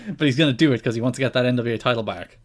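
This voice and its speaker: A man's voice: mid-range voice, rapid-fire. Enthusiastic young man, podcast co-host. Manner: enthusiastic, animated storyteller who acts out quotes. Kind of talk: casual chat recapping wrestling shows.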